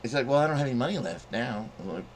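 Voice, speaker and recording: A man's voice: mid-range voice, expressive, very fast, slight background noise. A middle-aged man telling a rambling, profane story in casual monologue, acting out quotes in a raised voice. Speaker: channel host telling a story.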